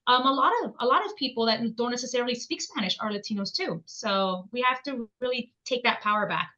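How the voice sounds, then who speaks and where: A woman's voice: fairly high pitch, fairly quick, sharp tone, muffled recording. A woman language educator speaking as a guest in a podcast interview, emphatic and repeating her points for stress.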